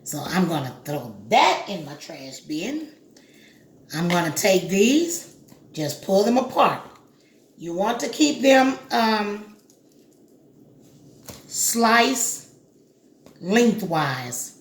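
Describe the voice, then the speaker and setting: Woman cooking-show host, unhurried and chatty, talks to the viewer, roomy kitchen echo. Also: mid-range voice, sing-song, a little hiss or hum. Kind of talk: casual cooking demonstration.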